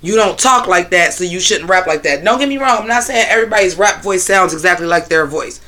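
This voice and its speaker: A man's voice: high-pitched, lively intonation, brisk, bright, forceful tone. A man hosting a casual livestream on his phone, talking loosely and profanely while answering his chat. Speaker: livestream host.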